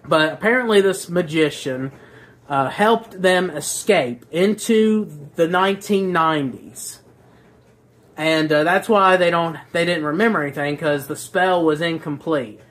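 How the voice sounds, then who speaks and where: Slow, sarcastic, crude book reviewer. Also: mid-range voice, fairly bright tone. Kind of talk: casual book review chat.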